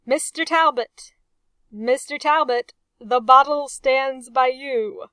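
A vengeful aristocratic sea captain who roars his orders and growls with a sneer, performed by a woman narrating an audiobook. The delivery is unhurried but forceful. The recording is dry and close. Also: fairly high pitch, no echo, exaggerated voice. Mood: bellowing. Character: loud, vengeful aristocratic male naval captain. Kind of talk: audiobook character voice.

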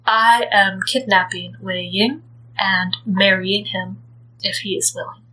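A woman voicing a quiet, reserved young man. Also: mid-range voice, fairly even intonation, takes it slowly, low-quality recording. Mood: earnest.

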